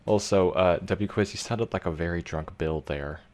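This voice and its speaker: A man's voice: low-pitched, normal speed. A man co-hosting a casual podcast, laid-back and teasing, often stammering as he restarts his sentences. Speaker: podcast co-host and editor. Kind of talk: casual group chat.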